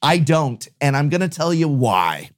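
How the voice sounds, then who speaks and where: A man co-hosting a casual chat, speaking in an opinionated, expressive way with frequent hesitations. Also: on the high side, a little slow. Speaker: co-host.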